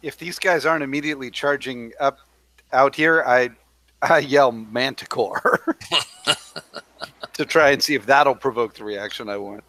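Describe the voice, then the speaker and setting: A man playing in a tabletop game, chatting in quick, playful banter. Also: mid-range voice, sharp tone, no room sound, rough recording. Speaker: player.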